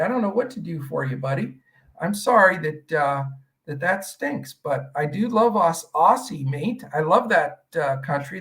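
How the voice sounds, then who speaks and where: A man's voice: high voice, a bit bright, distant mic, rough recording. A man hosting a live stream, talking in a rambling, chatty way with many fillers. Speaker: host.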